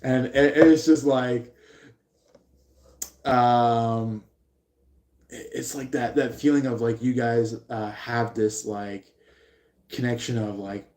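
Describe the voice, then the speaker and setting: A man giving a live tarot reading, rambling and halting with many fillers. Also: medium pitch, steady tone, a little mellow. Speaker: tarot reader. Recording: roomy echo.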